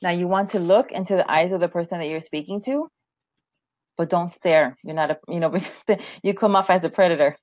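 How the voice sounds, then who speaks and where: A woman with a low-set voice teaches a business webinar over a video call, lively and quick to laugh. The sound is dull and lo-fi, and it is dry and close with no room around it. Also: no echo. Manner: lively, laughs often, repeats words while talking.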